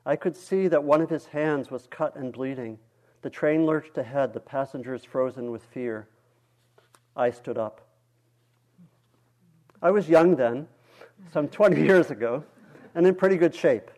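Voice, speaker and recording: A male meditation teacher reading a story aloud during a dharma talk, in a calm, measured way. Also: on the high side.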